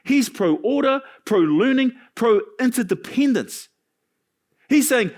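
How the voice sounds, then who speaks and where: An animated male pastor preaching a sermon in a church. His voice sits high for a man and swings widely in pitch. He breaks off into jokes and asides between his points. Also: moderate pace.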